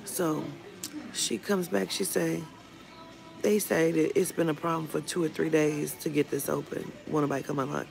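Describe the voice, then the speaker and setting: A woman with a low, gravelly voice rants bluntly to camera, swearing freely as she retells a run-in. Music plays clearly beneath her. The tone is casual and petty. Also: level tone, moderate pace. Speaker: vlogger. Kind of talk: casual storytime rant. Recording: music playing under the voice.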